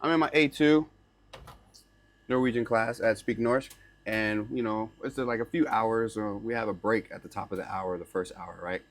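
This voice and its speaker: A young man vlogging, telling a casual story to camera in a lively, slangy way, with lots of "like" and "right?", dropping in learner Norwegian words. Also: fairly low pitch, moderate pace. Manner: slips into learner's Norwegian phrases.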